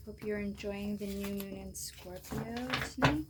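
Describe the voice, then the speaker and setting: A woman giving a pick-a-card tarot reading, soft-spoken and unhurried, pausing often with fillers. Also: medium pitch, steady tone, very noisy. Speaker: tarot reader.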